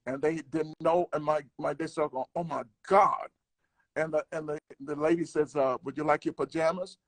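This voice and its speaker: A man's voice: fairly high pitch, fairly even intonation, moderate pace, no room sound. An older man, a comedian, telling a travel story in casual conversation, acting out the people he quotes. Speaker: guest comedian.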